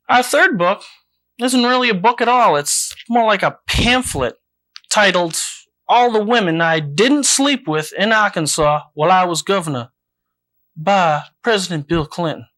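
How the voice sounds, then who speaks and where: A man hosting a mock book review segment, delivering satire in a dry, deadpan way. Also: high-pitched, a little slow, long pauses.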